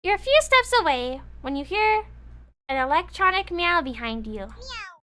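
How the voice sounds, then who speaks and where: A young woman streamer reading a visual novel aloud, playful and expressive, with squeaky gasps, giggles and asides to her viewers. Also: moderate pace. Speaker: streamer and voice actress.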